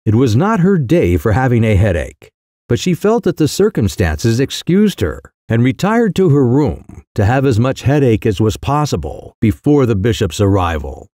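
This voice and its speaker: A man narrating a comic short story in a wry, expressive storytelling manner. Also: medium pitch, normal speed, dry recording, studio quality. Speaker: audiobook narrator.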